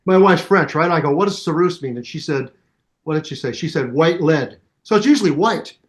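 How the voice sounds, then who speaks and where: Older guy with a high-ish voice, animated, telling stories in an interview. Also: brisk. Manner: animated storyteller, mimics voices and sounds. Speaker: guest musician. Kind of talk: casual interview chat.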